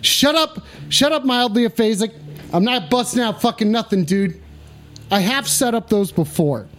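A man hosting a rowdy, profane livestream, swinging between manic yelps and low mumbling asides. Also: lively intonation, normal speed, a bit bright, slight background noise. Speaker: livestream host.

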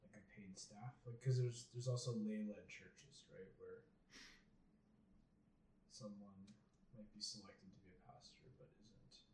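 Dark-voiced man speaking up in class. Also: on the low side, steady tone, unhurried. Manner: hesitant, loose phrasing. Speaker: class participant. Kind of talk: casual classroom remark. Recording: roomy echo with faint noise, far from mic.

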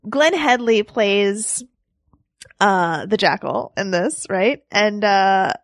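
Woman in her 30s, podcast co-host, slightly gravelly tone, dry close sound, chatty and quick to laugh. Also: medium pitch, lively intonation, no echo. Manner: chatty, laughs often, trails off and restarts. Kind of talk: casual movie chat.

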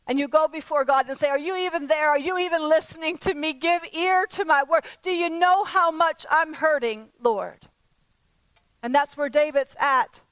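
High-voiced woman preaching a sermon. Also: a bit bright, dry recording, low-quality recording. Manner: earnest, repetitive questions to the congregation, stammered restarts. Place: church service before a congregation.

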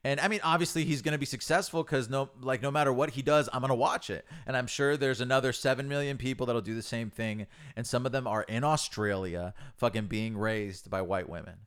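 A man's voice: medium pitch, a little fast, hardly any pauses, clear, resonant tone. A man co-hosting a podcast, joking around in casual chat and swearing freely. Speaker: podcast co-host.

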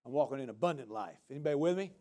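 A middle-aged man preaching a sermon, animated, calling out questions to the congregation and answering himself with shouts and laughter. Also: medium pitch, very fast.

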